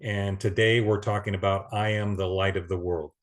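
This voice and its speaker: A man giving an earnest Bible teaching, reading scripture aloud with pauses and restarts. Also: low-pitched, steady tone.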